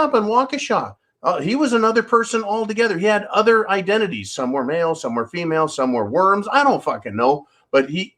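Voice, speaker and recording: A man playing a brash, cocky male caller who mocks people and swears as he demands benefit money. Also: fairly high pitch. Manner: loud, cocky, sarcastic, profane.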